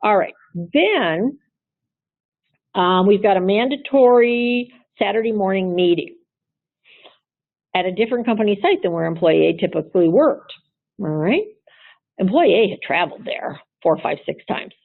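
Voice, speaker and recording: A woman's voice: mid-range voice, expressive, moderate pace, gravelly, pauses often, no echo. A woman employment lawyer giving a conversational webinar lecture, chatty and full of rhetorical questions to her listeners. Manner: chatty, asks the audience rhetorical questions, frequent "you know" and "um". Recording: tinny phone-line audio, dry.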